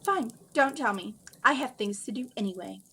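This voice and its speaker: A haughty, demanding rich girl from a storybook who snaps at everyone, read by a woman. Her voice is mid-pitched and sharp-edged. Faint hiss sits under it. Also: animated, normal speed. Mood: snappish. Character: spoiled bossy rich teenage girl. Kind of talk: reading a story aloud.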